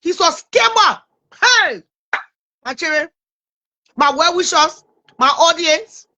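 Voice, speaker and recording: Very high-voiced, bright woman. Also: takes it slowly. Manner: animated, stumbles over names, talks to her audience. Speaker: livestream host. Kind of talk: casual livestream chat.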